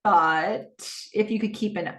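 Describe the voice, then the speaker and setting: A woman's voice: medium pitch, takes it slowly, a bit bright, reverberant, recorded from a distance. A woman voicing a worried wife asking careful questions. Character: Donna, a worried wife probing gently.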